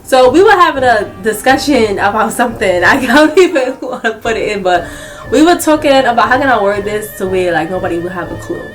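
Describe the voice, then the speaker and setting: A young adult woman telling a casual story-time vlog, animated and laughing a lot as she talks. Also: a little high, a little fast, faint music behind. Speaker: vlogger.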